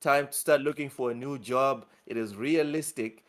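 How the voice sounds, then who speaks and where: Gaming show dude going off on a blunt rant, normal voice. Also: male voice, mid-range voice, normal speed. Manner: blunt, ranting. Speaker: co-host of a gaming news show. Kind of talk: casual chat.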